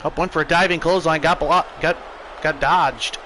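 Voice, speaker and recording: An American man calls a wrestling match on his stream with excitable play-by-play energy. His voice sits high for a man and rings bright and sharp. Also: moderate pace, a little hiss or hum, poor audio. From United States.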